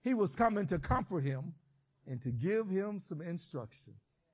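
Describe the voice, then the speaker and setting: A man preaching a sermon, swinging between shouted emphasis and quiet, reflective teaching. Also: sits high, sing-song, unhurried, slightly rough.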